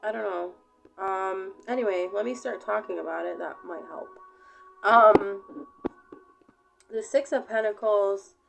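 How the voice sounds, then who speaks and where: A woman giving a casual collective tarot reading to camera, talking in an unhurried, rambling way with many fillers. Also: mid-range voice, gravelly, music in the background, rough recording. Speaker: tarot reader.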